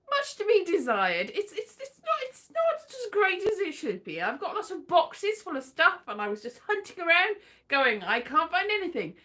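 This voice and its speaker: A woman's voice: sits high, pushed and bright. A woman hosting a casual livestream, chatting in a playful, rambling way with sing-song bursts. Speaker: livestream host.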